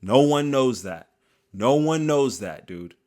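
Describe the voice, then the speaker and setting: A man giving a casual, joking commentary monologue, full of slang and drawn-out asides, as a video creator. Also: mid-range voice, lively intonation, very noisy.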